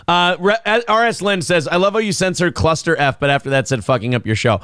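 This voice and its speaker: A male morning show host, animated and opinionated, swearing casually while reacting to a clip. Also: fairly high pitch, fast, clear, resonant tone, dry recording, studio quality.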